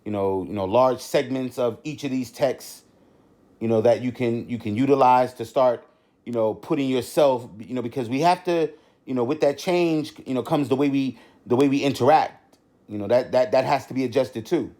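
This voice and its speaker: A man's voice: medium pitch, normal speed, dark tone. A middle-aged man hosting a podcast, talking off the cuff in a rambling way, with many restarts and constant "you know" fillers. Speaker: podcast host. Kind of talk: unscripted podcast monologue.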